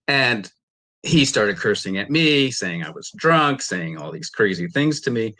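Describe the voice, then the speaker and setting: A man giving testimony in a courtroom, with a low, forceful voice. He tells his side emphatically and acts out the lines that were said. His delivery stays intense and direct. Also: expressive, a little slow. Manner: emphatic, re-enacting quoted exchanges. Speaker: litigant in a courtroom dispute. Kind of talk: courtroom testimony, recounting events.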